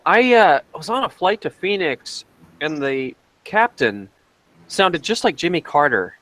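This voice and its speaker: A man's voice: a little high, sing-song, a little slow, fairly bright tone, low-quality recording. A man in casual chat, easygoing, telling anecdotes.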